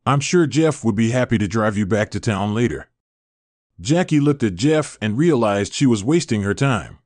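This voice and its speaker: Lively male story narrator, dry sound. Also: on the low side, normal speed, no room sound. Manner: reads every character in one voice, barely changing it.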